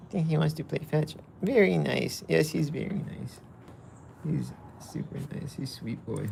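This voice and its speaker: A man's voice: fairly high pitch, lively intonation, moderate pace, creaky, a little mellow, slightly rough. A man casually vlogging outdoors, playfully chatting with and about a dog. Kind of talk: casual vlog chat.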